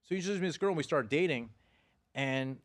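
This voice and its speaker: A middle-aged man hosting a podcast, telling stories in casual chat with animated delivery and laughs. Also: on the high side, fast. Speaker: podcast host.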